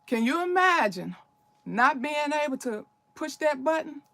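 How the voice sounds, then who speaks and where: A woman's voice: high-pitched, very animated, a little slow, bright, forceful tone, dry recording. An older woman hosting a casual livestream, talking in an urgent, preachy, emphatic way. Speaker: livestream host.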